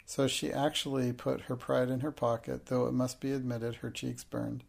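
A man narrating an audiobook in a steady, measured reading. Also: medium pitch, vocal fry.

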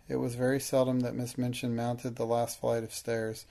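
A man narrating an audiobook in a steady, measured reading. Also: mid-range voice, gravelly.

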